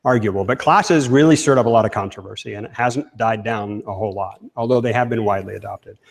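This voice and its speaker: A man's voice: on the low side, quick pace, gravelly. A man giving a live technical talk, speaking casually and asking the audience questions. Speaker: conference speaker. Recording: long hall reverb.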